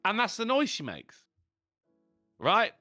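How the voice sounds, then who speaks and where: Animated, bright-voiced man telling stories. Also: sits high, slow pace, soft background music. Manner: animated, laughing storyteller. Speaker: podcast co-host. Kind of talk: casual podcast chat.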